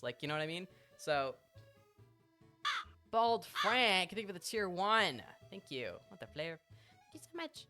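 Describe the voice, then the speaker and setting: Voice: medium pitch, animated, a little slow, pushed and bright, faint music behind. A streamer telling a story in casual chat on a live stream, chatty and swearing freely.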